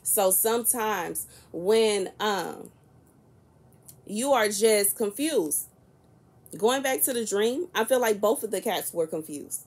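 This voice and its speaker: A woman in her early thirties, talking casually to camera in a soft-spoken, chatty and rambling way. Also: mid-range voice, animated, takes it slowly, breathy edge. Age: 30s. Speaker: prophetic content creator.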